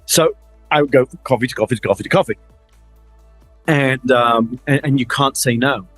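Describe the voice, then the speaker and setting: Animated middle-aged man with a Middle Eastern accent. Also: medium pitch, moderate pace, no room sound, soft background music. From Middle East. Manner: animated storytelling, acts out quoted lines, frequent repeats. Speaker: interview guest, family office advisor. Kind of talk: conversational fireside chat.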